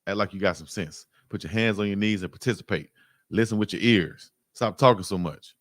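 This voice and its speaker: A man's voice: lowish voice, a little fast, a bit bright, no room sound, studio quality. A man in his forties hosting a live sports stream, talking casually and emphatically in slangy commentary that keeps repeating itself.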